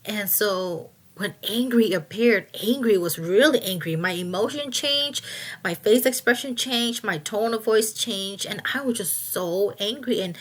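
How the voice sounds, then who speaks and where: A woman giving a personal testimony in a halting way, with many restarts, and going quiet at painful moments. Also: mid-range voice. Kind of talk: personal testimony, casual retelling.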